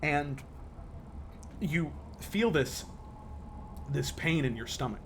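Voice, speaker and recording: A man narrating a tabletop role-playing game as game master, with lively, stumbling storytelling full of fillers. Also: fairly high pitch, takes it slowly, slight background noise.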